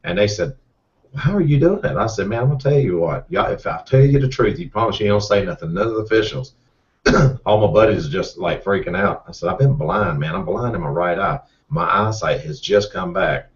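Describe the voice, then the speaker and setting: A middle-aged race car driver, telling a rambling, folksy story with repeated words. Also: male voice, sits low, lively intonation, a little fast. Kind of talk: casual storytelling. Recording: distant, muffled mic.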